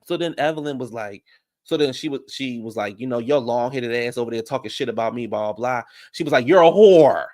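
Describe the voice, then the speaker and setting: Man, mid-range voice, casual chatty recap, animated and profane, pops into high falsetto for quotes. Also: brisk. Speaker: reality TV commentator.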